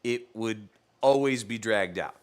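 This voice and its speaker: The voice is a man's, lowish, clear and resonant, moving a little slowly. He's a cooking streamer who chats casually with viewers while cooking live, telling jokey stories and teasing his dog with easygoing humor.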